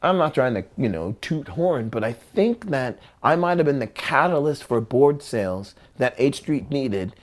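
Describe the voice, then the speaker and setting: A man's voice: medium pitch, lively intonation, normal speed, hardly any pauses. A man and former pro skateboarder telling stories in casual talk, acting out quotes in many voices and swearing freely. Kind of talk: casual storytelling.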